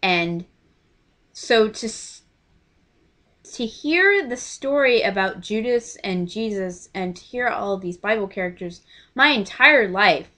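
A young woman in her twenties recounts an experience to her camera in a casual, heartfelt way. Her voice is bright and forward, and she slips into quoted lines with lively emotion. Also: medium pitch, takes it slowly. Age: 20s. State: choked up. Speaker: vlogger. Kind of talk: casual storytelling.

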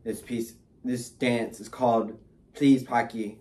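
A man's voice: mid-range voice, little pitch movement, slow pace, mellow, breathy edge. A man making a mock-serious apology vlog, with a hesitant, theatrical pleading manner. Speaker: vlogger.

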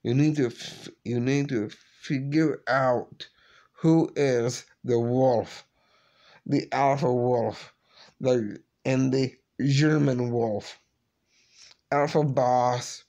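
Tearful man, slow and halting, apologizing to camera, mid-pitched. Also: steady tone, warm tone. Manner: halting, repeats and restarts words; apologetic, subdued. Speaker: vlogger. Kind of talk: emotional personal vlog.

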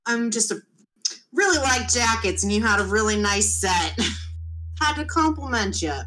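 A woman's voice: fairly high pitch, lively intonation, measured pace, a bit bright, pitched above the performer's own voice, low-quality recording. A woman voicing a nonchalant, cheeky young man in a tabletop game. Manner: breezy, cheeky.

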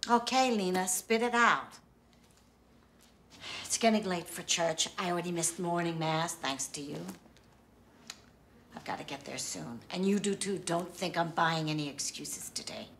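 A woman's voice: lowish voice, unhurried, a bit bright, a little hiss or hum. An actress playing a pushy, churchgoing mother who scolds her grown daughter in a short film. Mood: impatient. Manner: scolding, exasperated.

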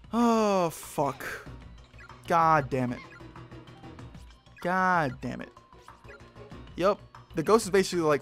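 Chatty, foul-mouthed young gaming host. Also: male voice, fairly high pitch, expressive, takes it slowly, pauses often, fairly bright tone, faint music behind. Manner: chatty, swears freely, jokes at the game. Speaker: let's play host. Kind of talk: casual gameplay commentary.

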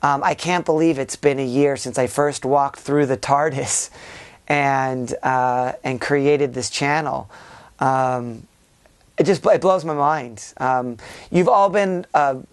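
A man's voice: medium pitch, slow pace. Man, vlog host, casual year-end chat, rambling, many filler sounds, restarts sentences, grateful tone. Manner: warm and grateful toward viewers. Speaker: YouTube channel host.

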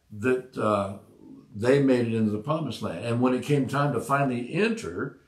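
A man in a mid-range voice delivers a conversational sermon. He retells scripture in plain words and fills his pauses with "uh" and "you know." The echo of the room hangs around his voice. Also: mid-range voice. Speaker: pastor.

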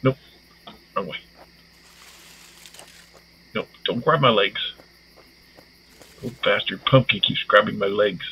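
A man's voice: on the low side, slow pace, pauses often, breathy edge, highs cut off. A man giving let's-play commentary on a horror game, jumpy and swearing, talking to himself as he plays. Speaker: gaming YouTuber.

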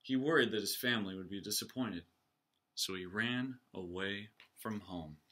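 A man, a teacher, reading a picture book aloud in an animated storytelling voice, close to the camera. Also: fairly low pitch, normal speed, slight background noise. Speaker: reader, teacher.

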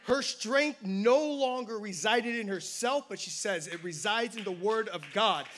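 A man's voice: high-pitched, a little slow, fairly bright tone, slight background noise. A man preaching a sermon as pastor, telling a personal story with self-deprecating humor. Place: church campus service.

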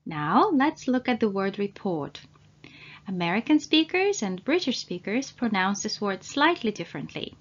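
A woman language trainer giving an English pronunciation lesson, saying each word slowly and spelling out its sounds. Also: mid-range voice, sing-song, dull audio. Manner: slow, deliberate, spells out sounds.

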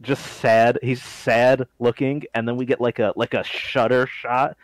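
A man's voice: medium pitch, level tone, a little slow, dry recording, rough recording. A man co-hosting a podcast in casual chat, recapping with a fan's enthusiasm. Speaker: podcast co-host.

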